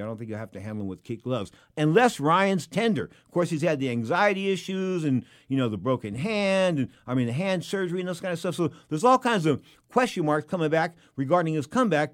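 Male boxing host, rapid rambling monologue, casual and animated. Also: on the high side. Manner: rambling, animated, with many restarts and asides. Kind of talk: casual talk show monologue.

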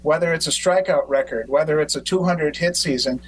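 Animated man telling baseball stories. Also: fairly high pitch, fairly quick, breathy edge, rough recording. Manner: animated storyteller, acts out quotes. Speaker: podcast host. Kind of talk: casual conversation.

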